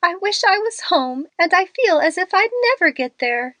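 A woman's voice: extremely high pitch, very animated, moderate pace, a bit bright, no echo, pitched above the performer's own voice, full character voice. A woman voicing a timid, panicky young woman who talks in a fretful, pleading way. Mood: sobbing.

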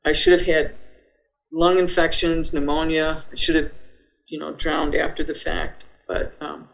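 Older lady guest on a podcast, kinda gravelly voice, tells her story vividly and acts out what she was thinking. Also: sits low, flat delivery, unhurried, low-quality recording. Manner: vivid retelling, acts out her own thoughts. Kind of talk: personal storytelling.

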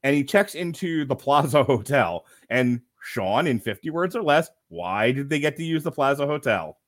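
With a sing-song lilt in his mid-range voice, a man co-hosts a podcast and casually reviews a movie in a comedic, sardonic, profane manner. He talks at a moderate pace, and the recording is dry and studio-clean.

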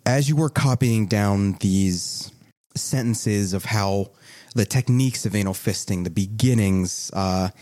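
A man's voice: fairly low pitch, unhurried, mellow. A man narrating as game master in a tabletop game, joking and rambling with restarts.

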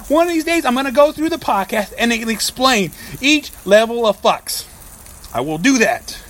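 Ranting, foul-mouthed man, high voice. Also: fairly bright tone. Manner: profane, ranting, heavy swearing. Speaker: podcast host. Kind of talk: casual podcast rant.

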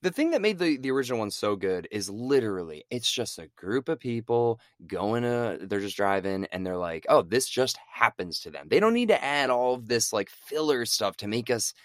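A man's voice: mid-range voice, normal speed, few pauses, dry recording, clean studio sound. A man co-hosting a podcast, chatting casually and sarcastically, often acting out voices. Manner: animated, sarcastic, acts out voices. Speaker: podcast co-host. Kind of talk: casual chat.

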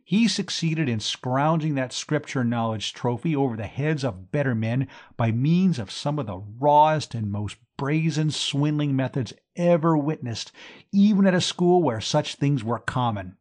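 A man reading an audiobook, voicing a tipsy, pompous young upper-class man who blusters and climbs into high indignation. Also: expressive, measured pace, darkish tone. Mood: accusing.

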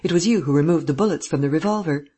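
A reader voicing a male gentleman thief who is weak from his ordeal, speaking in stammering, incredulous questions. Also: medium pitch, quick pace, breathy edge, lightly acted. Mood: bewildered. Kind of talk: audiobook dialogue reading.

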